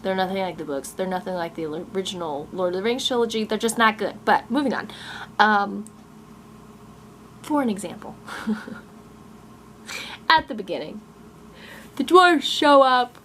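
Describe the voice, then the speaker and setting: A woman's voice: medium pitch, animated, unhurried, long pauses, a bit bright, a little hiss or hum. A woman in her twenties, a novelist, ranting casually to camera at home in a sarcastic, rambling way with frequent chuckles. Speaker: novelist and vlogger. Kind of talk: casual rant vlog. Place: room at home, growing dark. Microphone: camera mic.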